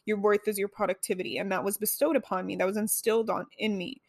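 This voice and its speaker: A woman's voice: medium pitch, fairly even intonation, quick pace, no room sound, clean studio sound. A young woman talking casually about self-reflection, full of "like" and "right?", with some swearing. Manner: chatty, lots of "like" and "right?". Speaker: self-help speaker. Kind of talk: casual monologue.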